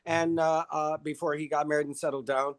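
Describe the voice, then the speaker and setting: A man's voice: on the high side, fairly quick, smooth. A middle-aged man from upstate New York, chatting as a guest. He tells his stories with flair and acts out the voices of the people in them. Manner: animated storyteller who acts out the people he quotes. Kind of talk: casual interview chat.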